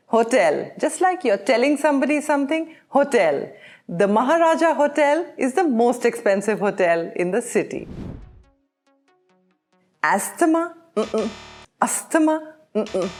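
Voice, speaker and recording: A woman gives a pronunciation lesson at an unhurried pace, spelling out each sound with care. Her pitch rises and falls widely as she moves between questioning and firm tones. Faint music plays underneath. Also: a little mellow. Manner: slow, carefully enunciated drills with questioning tones. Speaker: English pronunciation teacher.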